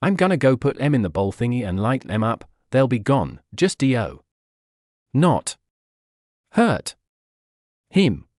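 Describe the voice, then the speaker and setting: A desperate older brother and monster hunter, read by a man in a fanfic audiobook, pleading and shaken. His pitch rises and falls with feeling. The delivery is dry and up close. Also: big pitch swings, slow pace, long pauses, darkish tone, no room sound. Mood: placating.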